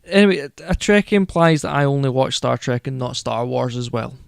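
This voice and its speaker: A man's voice: medium pitch, fairly even intonation, brisk, creaky, clean tone, no room sound, clean studio sound. A man co-hosting a casual podcast chat, rambling and correcting himself as he goes. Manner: rambling, self-correcting, enthusiastic. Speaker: podcast co-host.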